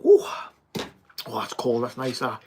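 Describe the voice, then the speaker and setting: A man's voice: on the high side, brisk, a little hiss or hum. A young man with a Teesside accent chatting casually on a livestream, answering viewer comments in a blokey, swearing manner. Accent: Teesside English. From England. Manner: chatty, blokey, swears and says mate often. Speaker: livestream host.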